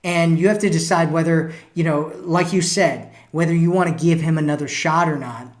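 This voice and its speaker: A man's voice: fairly high pitch, fairly even intonation, normal speed. A man hosting a live stream as a dating coach, giving casual advice and reading out viewer comments, often tagging lines with "right?" and "you know".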